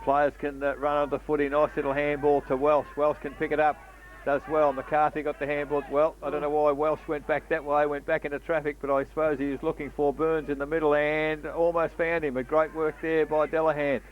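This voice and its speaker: Here an Australian commentator, his voice on the high side and his tone level, moves fairly quickly through a local football match for radio. Between plays he chats casually and slips in fillers like "uh," all captured in dull, lo-fi broadcast sound.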